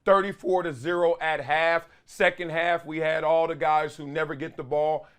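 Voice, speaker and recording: A man hosting his own show, telling family stories in a casual, animated way full of slang and loud exclamations. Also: on the high side, moderate pace, smooth. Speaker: show host; father and youth coach. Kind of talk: casual solo talk-show monologue.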